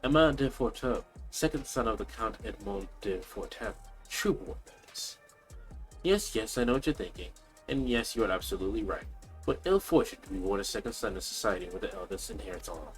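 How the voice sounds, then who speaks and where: A man's voice: fairly low pitch, lively intonation, brisk, faint music behind, lightly acted. A man voicing a vain, boastful young nobleman with a pompous, theatrical manner.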